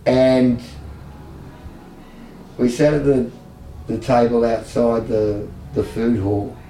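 A middle-aged Australian man speaks candidly, blunt and wry as he tells his story. His voice is dark and mellow. It sits back from the mic in an echoey room with a faint hum underneath. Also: medium pitch, steady tone, slow, distant mic, soft background music. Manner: blunt, emotional, self-mocking humor. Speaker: service user guest.

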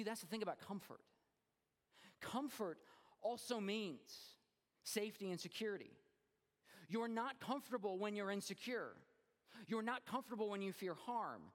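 High-voiced pastor preaching in a reverberant hall. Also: male voice. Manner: conversational preaching, acts out crowd voices. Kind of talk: sermon.

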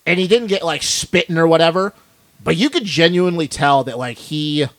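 A man's voice: on the high side, a little fast, dry recording. A man co-hosting a podcast in a studio, ranting bluntly and swearing a lot in casual chat. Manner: blunt, profane, fired-up ranting. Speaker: podcast co-host.

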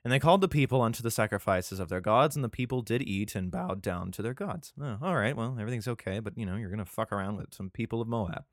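A man's voice: lowish voice, expressive, quick pace, few pauses, no echo, studio quality. A male podcast host reads scripture aloud. He stumbles over words and breaks off for profane, irreverent asides. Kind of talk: casual scripture reading with commentary.

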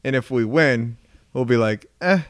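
Male podcast co-host, casual and crude, animated delivery, dry close-miked sound. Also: medium pitch, moderate pace, dry recording. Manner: profane, joking, laughs often.

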